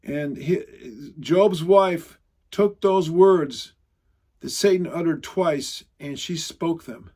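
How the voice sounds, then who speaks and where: Guy preaching w a high voice, chatty and emphatic, drags out the big lines. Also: warm tone. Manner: emphatic, conversational, quotes scripture with dramatic slowdowns. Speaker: Bible teacher. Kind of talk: sermon teaching.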